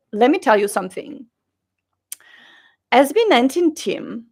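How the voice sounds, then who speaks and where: Woman vlogging, chatty and animated, a bit of vocal fry, kinda high voice. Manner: animated, acts out quoted people. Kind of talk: chatty storytelling vlog.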